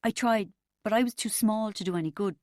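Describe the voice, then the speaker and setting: A woman reads the part of a distraught man in rehab, stammering in anguish as he denies the truth, her mood pained. Her medium-pitched, brisk delivery sits above her own voice yet near an everyday one, in clean studio sound with no room tone.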